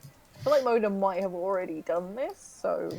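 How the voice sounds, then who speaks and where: A woman's voice: medium pitch, expressive, moderate pace, vocal fry, darkish tone. Playful woman tabletop player. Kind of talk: tabletop game banter.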